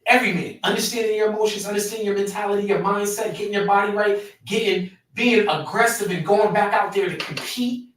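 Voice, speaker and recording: A man's voice: high voice, a little fast, few pauses, fairly bright tone, recorded from a distance. A man hosting a podcast and coaching other men in an emphatic conversational way, often repeating his key phrases. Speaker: podcast host, men's coach. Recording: very echoey room, voice away from mic.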